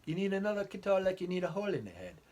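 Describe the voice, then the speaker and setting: A man's voice: high voice, sing-song, very fast, darkish tone, voice pushed up. A man voicing his suspicious, teasing English wife in a raised voice with a put-on English accent.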